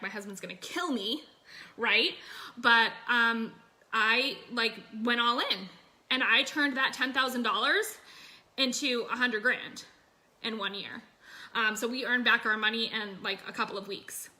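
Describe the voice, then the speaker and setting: A woman's voice: a little high, bright, forceful tone. A woman business coach talking casually and energetically to her online group from her phone, full of fillers and "you guys".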